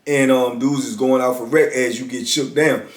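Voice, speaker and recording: A man's voice: medium pitch, steady tone, normal speed, echoey room. A man casually telling a story from his years in prison, acting out voices of guards and inmates as he goes.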